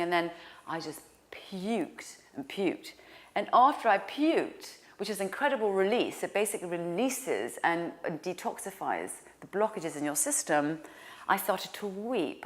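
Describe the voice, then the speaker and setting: A woman telling a personal story in an animated way, dropping to a hushed whisper for quoted lines. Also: medium pitch. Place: lives in New York.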